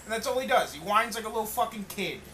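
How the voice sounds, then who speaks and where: A man's voice: sits high, animated, quick pace, bright, forceful tone, slight background noise, rough recording. A man co-hosting a casual wrestling podcast, rambling, swearing and correcting himself mid-sentence. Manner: rambling, profane, self-correcting. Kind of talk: casual chat.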